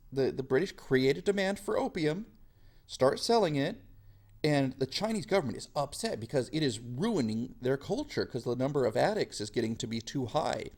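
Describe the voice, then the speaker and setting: A man's voice: medium pitch, a little mellow. A male history teacher giving a chatty, self-deprecating classroom lecture.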